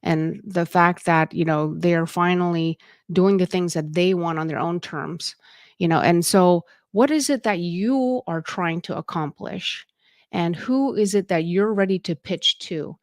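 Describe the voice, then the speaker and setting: A woman with a fairly low voice gives casual instructional talk as a podcast host. She speaks conversationally, with plenty of fillers and restarts. The sound is dry and close. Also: a little slow, no room sound. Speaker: podcast host and leadership coach.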